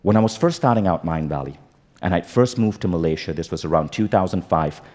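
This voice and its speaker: Animated man telling a stage story. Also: deep voice. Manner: animated, comic, acts out quotes. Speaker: keynote speaker. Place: conference stage.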